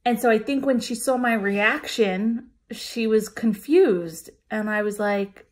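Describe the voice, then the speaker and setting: A woman's voice: a little high, takes it slowly. A woman vlogger telling a personal story to camera in a chatty, emotional way, full of fillers and restarts. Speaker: vlogger sharing a weight-loss weigh-in.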